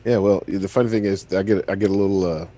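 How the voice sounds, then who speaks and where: A man's voice: deep voice, steady tone, fast, warm tone. A man playing in a tabletop game, talking through his moves in an easygoing, wry way. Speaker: player. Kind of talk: casual tabletop game chat.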